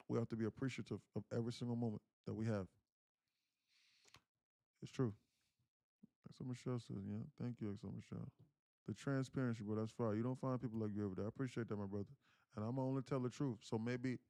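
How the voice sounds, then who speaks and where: Young New guy hosting a trading stream, loose and slangy, mid pitch, bone-dry mic. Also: no echo. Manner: emotional storyteller, acts out quoted pleas loudly; casual slangy speech with frequent fillers. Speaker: day trading livestream host. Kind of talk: casual livestream storytelling.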